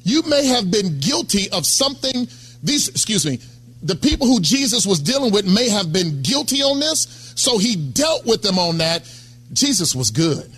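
A man's voice: sits high, big pitch swings, moderate pace, fairly bright tone, slightly rough, faint music behind. A middle-aged man preaching a sermon in a conversational way, often calling out to the congregation. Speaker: pastor.

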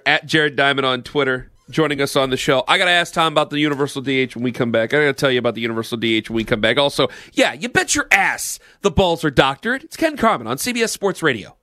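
A man's voice: medium pitch, quick pace, bright, forceful tone, no room sound, clean studio sound. A man hosting a sports talk radio show, ranting bluntly and sarcastically about the game.

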